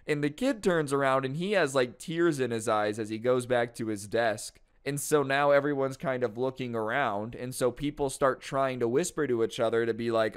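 A man's voice: mid-range voice, normal speed, hardly any pauses, clean tone. A man casually telling a school story to his channel, chatty and exasperated, with slangy asides. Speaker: storytime YouTuber.

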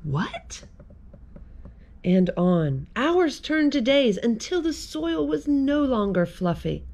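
A woman who is a children's librarian, reading a picture book aloud at storytime in a gentle, expressive way. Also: high voice, slow pace.

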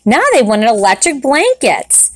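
Slow, lively teacher reading to children. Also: female voice, fairly high pitch, no room sound. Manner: gentle, addressing young students. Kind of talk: children's read-aloud. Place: classroom recording setup.

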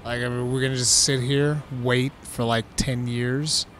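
A man giving casual gameplay commentary as a let's play host, easily frustrated and quick to angry outbursts. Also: medium pitch, flat delivery, fairly bright tone, slight background noise.

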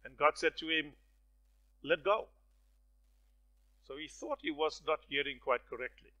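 A man preaching a sermon, swinging from hushed lines to loud, stirring ones and acting out the voices in his stories. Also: a little high, measured pace, low-quality recording. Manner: dramatic swings from soft to loud; storytelling with acted voices.

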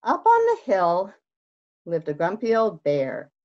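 A woman children's librarian reading a picture book aloud in an expressive, sing-song way. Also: mid-range voice, slow pace. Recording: dull lo-fi recording.

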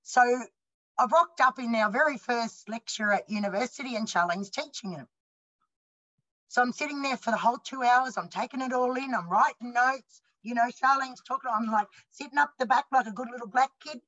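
A woman in her fifties with an Australian accent, telling a story on a panel bluntly and with lively acted-out dialogue. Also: a little high, moderate pace, highs cut off. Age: 50s. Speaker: panelist and university student.

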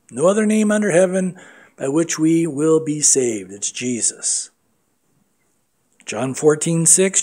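Pastor, middle-aged man, slightly high-pitched, emphatic sermon delivery. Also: darkish tone. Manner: emphatic preaching, quoting scripture.

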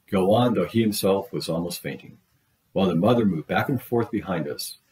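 A man reading a short story aloud in a steady, measured way, voicing the dialogue as he goes. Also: deep voice, poor audio. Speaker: audiobook reader. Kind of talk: read-aloud literary narration.

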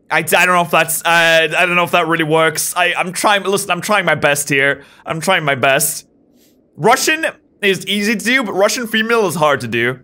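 A woman's voice: lowish voice, animated, brisk, bright, forceful tone. A woman hosting a game let's play, chatty and joking as she plays and reads out comments. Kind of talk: gameplay commentary, reading comments.

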